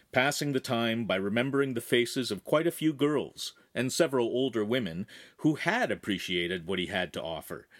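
A man narrating a young adult science fiction novel in measured, even storytelling. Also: medium pitch. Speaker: audiobook reader. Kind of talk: scripted narration.

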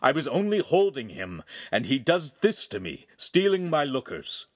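A man's voice: mid-range voice, very animated, moderate pace, no room sound, clean studio sound, pitched above the performer's own voice. A man voicing a proud, irritable male city ruler, commanding and mocking in manner.

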